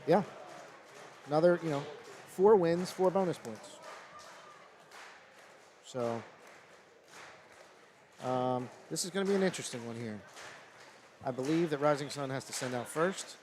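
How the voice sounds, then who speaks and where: A man giving live color commentary on a high school wrestling match, explaining tactics in a conversational way and getting excited at big moves. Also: a little slow, pauses often. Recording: loud gym crowd and noise behind. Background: cheering crowd in a gym.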